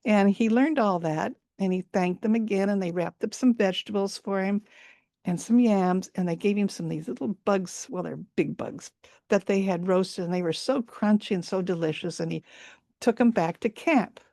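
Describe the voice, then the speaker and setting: A woman's voice: mid-range voice, normal speed, gravelly, dark tone, no echo. Woman storyteller, folk tale, repeats words for emphasis, video call, dry close sound. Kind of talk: live folk tale telling.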